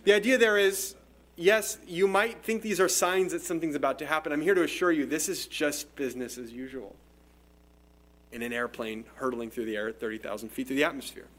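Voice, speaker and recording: A man's voice: fairly high pitch, fairly even intonation, brisk, fairly bright tone. Man preaching a conversational sermon. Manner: conversational, explanatory, with frequent restarts. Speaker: pastor. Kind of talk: expository sermon.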